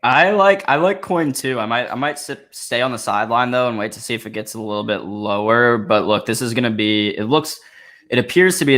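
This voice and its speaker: A man's voice: on the low side, a bit bright. A man who produces and co-hosts a live stock show, chatting casually and introducing a guest.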